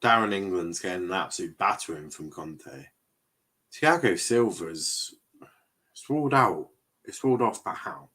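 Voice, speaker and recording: A man's voice: low-pitched, animated, unhurried, pushed and bright, breathy edge. A young man, commenting casually on a live football match while chatting with viewers. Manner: chatty, reacting to play and reading chat aloud. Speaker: watchalong streamer.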